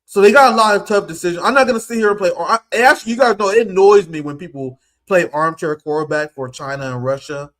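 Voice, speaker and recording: A man's voice: high voice, fast talker, hardly any pauses, a bit bright. A man from the American Midwest giving emotional, exasperated live political commentary on his stream, swearing casually and near tears.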